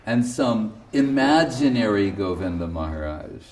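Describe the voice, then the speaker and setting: A male spiritual teacher, seated, giving a devotional sermon with provocative, animated storytelling and frequent laughter. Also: medium pitch, normal speed, few pauses, distant mic. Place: indoor temple hall, seated.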